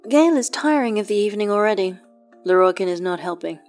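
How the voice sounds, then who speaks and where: A woman narrating fan fiction aloud in a calm, measured storytelling manner. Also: medium pitch, faint music behind. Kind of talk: audiobook reading of fan fiction.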